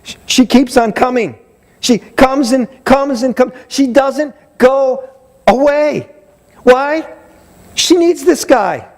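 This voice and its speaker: A man's voice: very high-pitched, slow pace. A man preaching a sermon as pastor, telling a story with emphatic repetition and frequent restarts. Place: church sanctuary.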